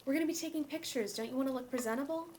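Woman playing a bossy mom, kinda high voice, faint hiss behind. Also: a little mellow. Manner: brisk, bossy, then tearful. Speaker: mother hosting family holiday. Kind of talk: scripted family drama acting.

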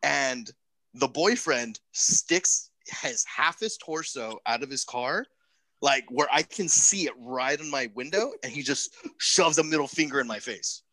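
A young man casually telling a profane, animated story on a podcast. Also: medium pitch, measured pace, no echo.

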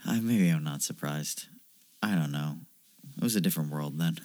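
A man's voice: rumbling low, normal speed, darkish tone. A man co-hosting a podcast, chatting casually about a movie with laid-back, dry remarks. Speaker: podcast co-host. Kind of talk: casual chat reviewing a movie.

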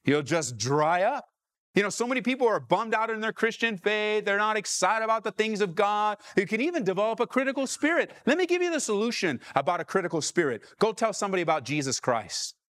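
A Southern California pastor preaches to his congregation in church, calling out questions and driving his points home with rising calls to the room. His voice is high and a bit bright, with big pitch swings and a fairly quick pace.

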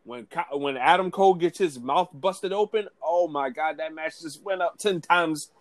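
A man talking in a relaxed, casual podcast chat, full of filler words. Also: a little high, normal speed, dry recording.

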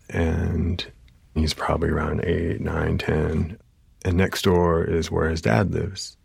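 A therapist telling an emotional story from his practice, halting often with fillers. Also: low-pitched, vocal fry, darkish tone, breathy edge, dry recording, clean studio sound. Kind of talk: personal storytelling.

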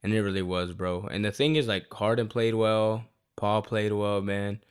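A man in his twenties talking in casual chat, telling stories in an animated, profane and slangy way. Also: on the low side, moderate pace, clear, resonant tone.

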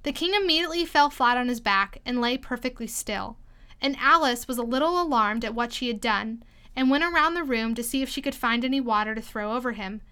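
A woman reading a storybook aloud in an expressive, lively storytelling manner. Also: fairly high pitch, fairly quick, clean tone. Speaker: storybook reader. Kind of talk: storybook read-aloud narration.

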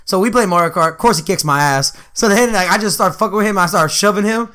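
A man telling stories in casual chat, profane and animated, slipping into voices for the people in his tales. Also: sits high, fast talker, clean tone.

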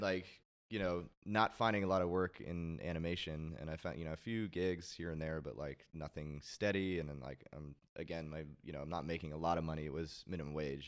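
A man with a low, deep voice, chatting as a guest on a talk show. He rambles through his story with plenty of fillers and the odd swear word. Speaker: podcast guest. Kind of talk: casual chat.

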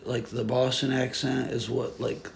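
A man's voice: medium pitch, measured pace, creaky, a little hiss or hum. A man hosting a casual podcast chat, talking loosely and swearing now and then. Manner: animated, swears, slips into joking put-on accents.

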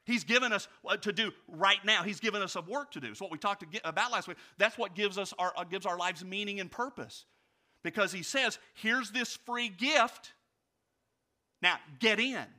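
A male pastor preaching a sermon, asking his congregation direct questions and swinging from loud storytelling to quiet reflection. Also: sits high, a little fast. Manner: animated storytelling, rising loud for anecdotes, dropping quiet for reflection.

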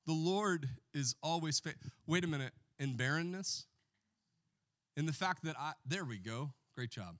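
A man's voice: a little high, expressive, normal speed, fairly bright tone, no echo, studio quality. A man preaching a sermon as pastor in a church, joking with the congregation and calling for responses.

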